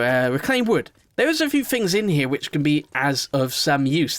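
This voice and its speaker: A young man giving casual let's-play commentary on a game, rambling, excitable, sometimes shouting and swearing at what happens. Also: mid-range voice. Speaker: gaming video host.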